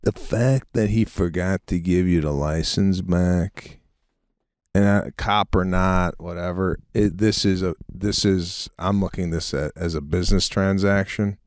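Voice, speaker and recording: A man's voice: low voice, fairly even intonation, a little slow, no room sound. A man co-hosting a podcast who cuts in with incredulous comic riffs during casual banter. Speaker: podcast co-host.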